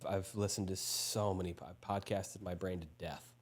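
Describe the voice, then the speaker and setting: Laid-back young man, lower voice. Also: level tone, moderate pace. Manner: laid-back, lots of "like" and "bro", acts out quotes. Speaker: podcast host. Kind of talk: casual podcast conversation.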